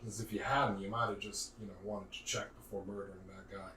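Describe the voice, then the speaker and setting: Brief: male game master narrating a tabletop game, bright voice, distant roomy recording. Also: on the low side, quick pace. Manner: lively, casual, uses "like" fillers. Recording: roomy, distant mic, faint noise.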